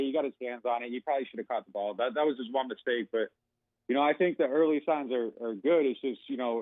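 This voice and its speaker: A man on a thin, tinny phone line breaks down football practice as a guest reporter. He rambles a bit and leans on "you know" and "like" as he thinks aloud. His voice sits at an ordinary pitch, and the call sounds dry, with no room around it. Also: no room sound. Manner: talkative, rambling with many fillers. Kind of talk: casual phone-in analysis.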